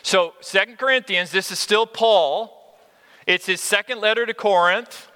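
A man preaching a sermon as a pastor, earnest and animated, often restarting his sentences as he works up his point. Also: high voice, a little slow, clean tone. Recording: long hall reverb.

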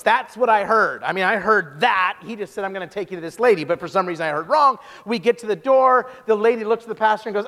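A man preaching a sermon, telling stories with lively acted-out quotes. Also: high voice, fast, few pauses. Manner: animated storytelling, acts out quotes in character voices. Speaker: pastor. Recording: long hall reverb.

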